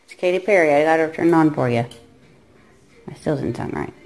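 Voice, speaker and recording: A woman's voice: deep voice, very animated, moderate pace, long pauses, darkish tone. Woman coaxing a pet parrot. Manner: coaxing, exasperated, talks to the bird in a baby voice. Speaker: parrot owner. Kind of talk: casual chat to a pet parrot. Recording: music playing in the background.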